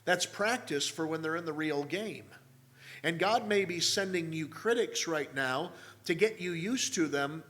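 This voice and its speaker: A man's voice: a little high, a bit bright. A man in his forties preaching a sermon as pastor, telling stories and numbering his points with folksy asides.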